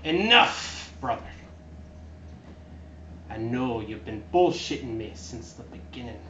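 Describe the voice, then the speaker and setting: A man's voice: medium pitch, animated, takes it slowly, bright, forceful tone, far from the mic. A man voicing a cold menacing pirate queen. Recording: dull, noisy, echoey room.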